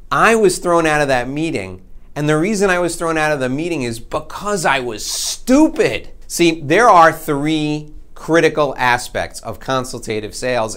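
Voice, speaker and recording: A man giving a sales training talk, telling an energetic, self-mocking story in a conversational way. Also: medium pitch.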